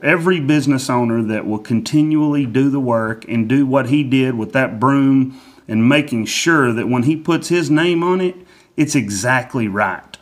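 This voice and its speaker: A man's voice: medium pitch, moderate pace. A man giving a casual motivational monologue in a folksy, repetitive way, with many fillers and restarts.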